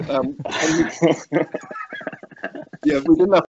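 On a dull, lo-fi recording with background noise, a middle-aged guest describes his cycling accident. His fairly high voice stays steady in tone, but his conversational telling is hesitant, full of restarts and frequent chuckles.

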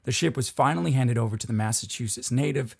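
A man's voice: medium pitch, fast talker, creaky, breathy edge. A man hosting a casual podcast, telling a history story and laughing often as he goes. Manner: laughs often while narrating.

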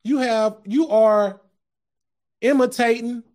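High-voiced man preaching self-improvement. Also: slow pace, darkish tone. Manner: impassioned, repeats words when starting a thought; addresses listeners directly as guys and family. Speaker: podcast host. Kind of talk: motivational sermon-style talk.

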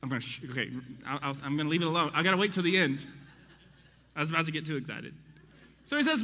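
A man teaching a Bible study to people in the room, in an excitable, conversational way that speaks straight to his listeners. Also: on the high side, fairly quick, long pauses, in a large hall.

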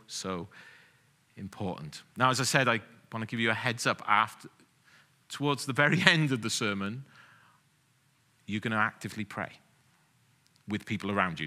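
A man's voice: lowish voice, bright, forceful tone. A man in his forties preaching a sermon as pastor, conversational with light humorous asides.

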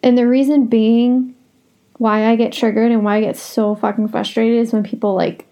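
Frank, swearing woman podcaster, mellow tone. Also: fairly high pitch, little pitch movement, moderate pace. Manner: blunt, frank and swears a lot. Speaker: podcast host. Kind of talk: casual solo podcast talk.

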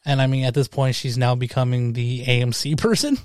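A young man co-hosting a casual film review podcast, animated and profane, often acting out quotes from scenes. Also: medium pitch, brisk, no echo, studio quality. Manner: animated, swears a lot, acts out quotes. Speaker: podcast co-host.

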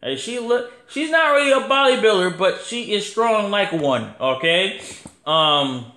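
Man, podcast host, casual rambling monologue, swears a lot, slightly high voice, roomy echo. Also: measured pace. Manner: animated, profane, rambling, acts out quotes. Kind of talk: casual wrestling review monologue. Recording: echoey room.

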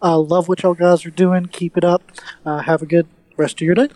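A man's voice: high voice, flat delivery, normal speed, darkish tone, dry recording. A man leaving a friendly, hesitant voice message full of uhs and ums. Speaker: listener sending a voice message. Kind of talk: recorded voice message.

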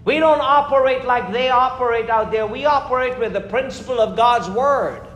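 High-voiced fervent preacher in echoey church. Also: male voice, a bit bright. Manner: fervent, emphatic preaching with rises and slowdowns. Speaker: pastor. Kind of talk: sermon.

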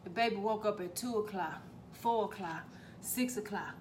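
A middle-aged woman telling a comic family story, profane and animated, with sudden loud bursts. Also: mid-range voice, moderate pace, noisy background. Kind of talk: comedic storytelling.

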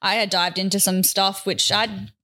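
A woman's voice: mid-range voice, level tone, normal speed, pushed and bright. A woman co-hosting a podcast, chatting casually in a teasing and supportive way. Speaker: podcast co-host.

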